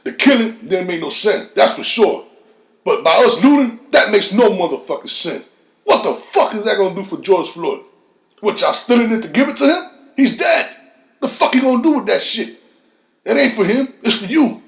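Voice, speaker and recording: A middle-aged man hosting a podcast, delivering a heated, profane solo rant that swings from low mutters to high shouts. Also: lively intonation, normal speed, gravelly, reverberant. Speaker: podcast host.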